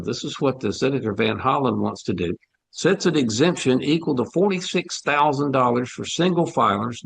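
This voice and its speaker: A man's voice: medium pitch, creaky, fairly bright tone, slightly rough, no room sound. A man co-hosting a talk show, giving sarcastic, folksy commentary on policy with plenty of fillers. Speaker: podcast co-host.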